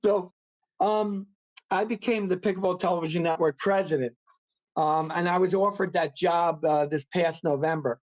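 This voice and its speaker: Casting: New York man as a chatty podcast guest, a little high-pitched, rambling, muffled remote line. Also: fairly even intonation, normal speed. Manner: rambling, many fillers and restarts. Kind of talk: casual interview chat.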